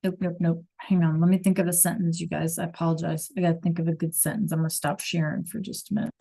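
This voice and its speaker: A woman's voice: lowish voice, level tone, fast talker, creaky, dark tone, husky. A woman Spanish teacher giving an online class lesson, searching for examples with many fillers and acting out short dialogues.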